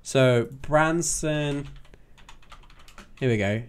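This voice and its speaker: A man's voice: medium pitch, extremely slow, clear, resonant tone. A young man with an English accent who hosts a casual live stream. He swears freely, teases and laughs a lot. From England. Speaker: motovlogger hosting a live stream.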